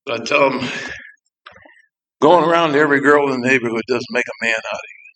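A man talks to a congregation about his prison ministry work. His delivery is plainspoken and rambling, full of side remarks and pauses as he collects his thoughts. His voice sits at a middle pitch for a man. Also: bright, forceful tone, rough recording. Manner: halting, with frequent pauses. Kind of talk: informal church talk to a congregation.

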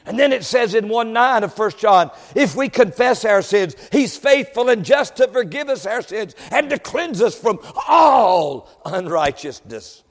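High-voiced preacher shouting in a hall. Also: male voice, lively intonation, normal speed, few pauses. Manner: impassioned, swells into shouted exclamations. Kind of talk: sermon. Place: church. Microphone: lavalier.

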